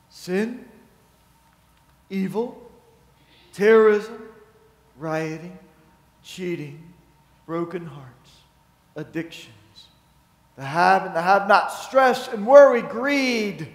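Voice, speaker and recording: A man's voice: high-pitched, very slow, pauses often. A man preaching a sermon as pastor, retelling a story and acting out its quotes. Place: church sanctuary. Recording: echoey church hall.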